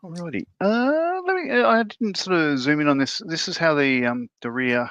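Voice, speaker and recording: A man's voice: fairly high pitch, expressive, moderate pace, a bit bright, dry recording, lo-fi sound. A man co-hosting a casual livestream, rambling as he explains his model build with many fillers. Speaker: co-host, scale modeller.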